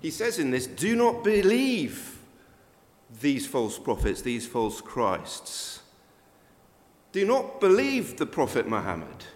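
A man's voice: fairly high pitch, huge pitch swings, takes it slowly. An older man preaching a sermon in a conversational way, with sudden emphatic rises. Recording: long reverb of a church hall.

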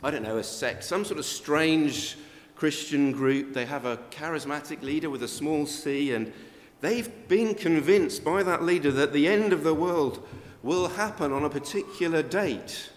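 A man's voice: fairly high pitch, a little slow, hardly any pauses. Man preaching in an echoing hall. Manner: conversational with emphatic rises. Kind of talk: sermon. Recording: long reverb of a church hall.

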